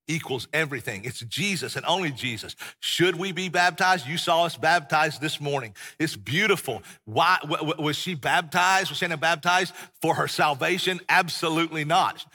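A middle-aged pastor preaches with passion and folksy emphasis. His voice is bright and husky. It carries a long reverb through the church. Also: fairly high pitch, normal speed. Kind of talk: sermon. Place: church sanctuary.

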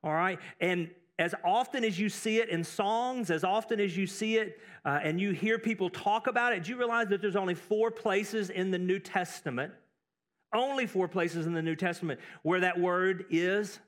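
A man with a notably high voice preaches to his church in a loose, talky way. He wanders into asides and doubles up his words to stress a point. He grew up in Texas. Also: normal speed, fairly bright tone. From Texas, United States. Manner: conversational, with asides and repeated words for emphasis. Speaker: pastor. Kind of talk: sermon.

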